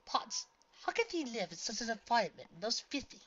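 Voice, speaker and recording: A woman voicing a gentle pony princess in disguise who speaks in a formal, old-fashioned way. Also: on the high side, very animated, fairly quick, lo-fi sound, slight background noise, voice pushed up. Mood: earnest.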